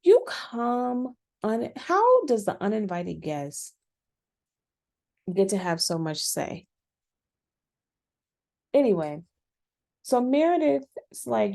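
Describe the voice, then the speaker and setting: A woman casually recapping a reality show episode, chatty and animated, with frequent restarts. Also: on the high side, slow pace, gravelly, pauses often. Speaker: reality TV reviewer.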